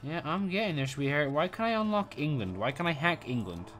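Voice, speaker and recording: A man giving casual, excitable commentary over a video game, reacting loudly and swearing freely. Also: a little high, fairly quick, soft background music. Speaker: gameplay commentator.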